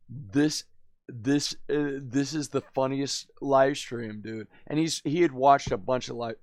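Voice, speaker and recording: A male streamer rambles through a story in loose, slangy talk, tacking "dude" and "man" onto nearly every sentence. His voice has a gravelly fry at mid pitch, and the sound is dry and close with no room around it. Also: no room sound. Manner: laughs often, drifts loud then quiet. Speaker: live streamer.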